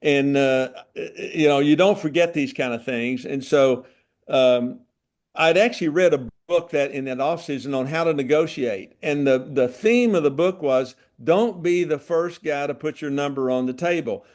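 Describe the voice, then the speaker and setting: A man's voice: a little high, moderate pace, darkish tone. Older man spinning folksy ballplayer yarns. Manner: folksy, chuckling while telling stories. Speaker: former ballplayer telling stories. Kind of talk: casual storytelling chat.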